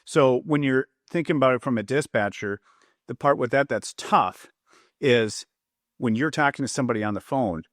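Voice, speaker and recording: A former police officer who now trains people in public safety explains his points during a podcast interview, acting out quoted lines to convey tone. He has a medium-pitched voice and an Upper Midwest American accent. The recording is dry, with clean studio sound.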